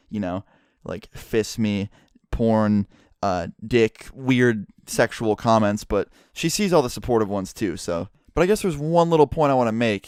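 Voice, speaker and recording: A man's voice: on the low side, clear, resonant tone, dry recording, studio quality. A young man telling a story to his viewers in a casual, rambling way, swearing often and filling gaps with "like". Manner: profane, rambling, heavy use of "like". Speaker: YouTuber.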